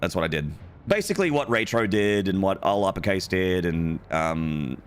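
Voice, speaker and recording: An Australian man streaming a game, chatting casually with halting restarts and filler sounds. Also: sits low, animated, clean tone. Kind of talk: casual gaming stream chat.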